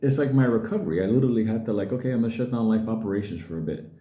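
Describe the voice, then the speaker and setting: A middle-aged man talks straight to his viewers in a blunt, swearing rant and slips into quick impressions of other people. His voice is very dark and mellow, and it bounces around an echoey room. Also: fairly low pitch. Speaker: crypto video host. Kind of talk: casual profane rant to viewers.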